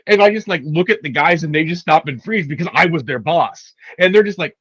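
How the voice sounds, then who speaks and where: A man tells a story on a casual podcast, his voice a little higher than most and swinging up and down as he gets into it. He laughs through his own punchlines. The recording sounds dull and lo-fi. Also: a little fast, hardly any pauses, husky. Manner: animated, laughing while telling stories. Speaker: podcast co-host.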